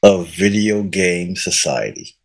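Low-voiced teasing male co-host. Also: takes it slowly, creaky. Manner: teasing, deadpan, repeats himself. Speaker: podcast co-host. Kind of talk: casual chat.

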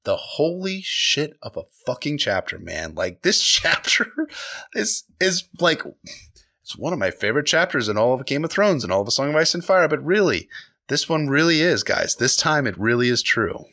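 Animated, swearing male podcast host. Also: fairly high pitch, moderate pace. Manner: animated, profane, enthusiastic. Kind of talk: casual book recap chat.

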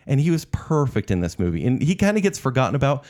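A man's voice: mid-range voice, big pitch swings, fast talker, darkish tone. A man co-hosting a casual film podcast, giving opinionated takes and teasing his co-host. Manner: opinionated, teasing, reads from notes.

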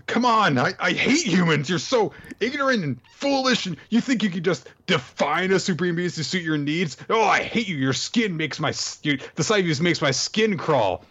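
A man's voice: mid-range voice, animated, fairly quick, fairly bright tone, voice pushed up. A man voicing an arrogant, easily flustered villain in a raised, theatrical rant, in a dull lo-fi recording.

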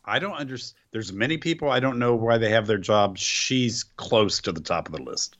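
A man's voice: medium pitch, normal speed, a bit bright, highs cut off. A man co-hosting a wrestling podcast, giving strong opinions and repeating points for stress. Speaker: podcast co-host. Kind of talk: casual wrestling chat.

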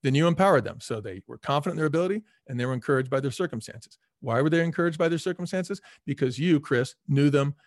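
A middle-aged man, a former restaurant executive, telling stories as an interview guest in an energetic, emphatic way. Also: on the high side, quick pace, hardly any pauses, dry recording, clean studio sound. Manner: energetic, emphatic, acts out quoted people. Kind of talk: casual storytelling in a podcast interview.

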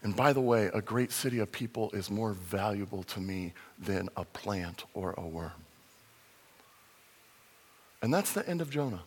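A man preaching a conversational sermon as a pastor, animated and sometimes acting out the voices in the story. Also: lowish voice, moderate pace, slightly rough, long reverb tail. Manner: conversational, animated, acts out voices in his retelling.

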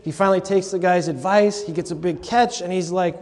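A man with a rather high voice lectures on scripture in an easy, joking way, turning often to his listeners. His words ring out with a long reverb, recorded live in a large hall. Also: steady tone, brisk, darkish tone. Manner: conversational and humorous, with asides to the audience. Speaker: lecturer and podcast host.

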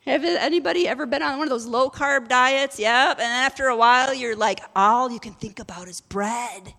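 A woman's voice: fairly high pitch, normal speed, gravelly, few pauses, sharp tone, big-room sound. A woman preaching a sermon, mixing scripture reading with casual, joking asides. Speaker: pastor.

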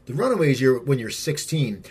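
A man's voice: medium pitch, very animated, moderate pace, darkish tone, husky. A man interviewing a guest, asking long questions with restarts.

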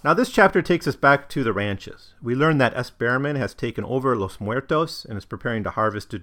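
A man's voice: mid-range voice, animated, a little fast, bright, forceful tone. Man casually talking through a novel. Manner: thoughtful, with frequent ums and restarts. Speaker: book reviewer. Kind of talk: casual book discussion and reading aloud.

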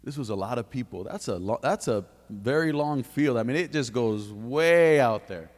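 A man preaching a sermon in a church, fervent, dropping to low intimate tones and then rising to loud bursts. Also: lively intonation, moderate pace, big-room sound. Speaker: lay preacher giving testimony. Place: church sanctuary.

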